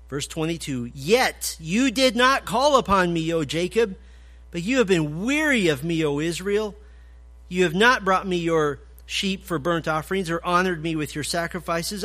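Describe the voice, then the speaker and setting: A man preaching an expository sermon, emphatic, swinging from loud declarations to low, quiet points. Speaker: pastor.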